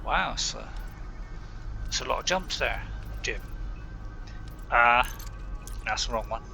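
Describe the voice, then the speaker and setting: This Bristol, England gaming host has a creaky, expressive voice of medium pitch and takes it slowly over music. He laughs a lot and talks to himself, rambling chattily through his gameplay commentary.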